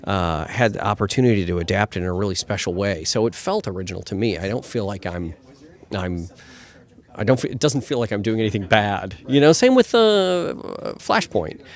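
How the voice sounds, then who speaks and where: Eager screenwriter, lowish voice. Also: male voice, lively intonation, fairly quick. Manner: enthusiastic, thinks aloud with restarts. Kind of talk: red carpet interview. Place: premiere red carpet.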